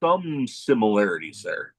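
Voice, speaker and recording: A man's voice: lowish voice, very animated, moderate pace, a bit bright. A man hosting a podcast, asking long, rambling questions with many restarts. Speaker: podcast host. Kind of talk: interview questions.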